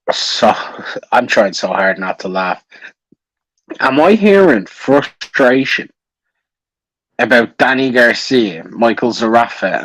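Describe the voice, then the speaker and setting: Animated, swearing podcast host. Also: male voice, on the low side, dry recording, poor audio. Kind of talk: casual chat.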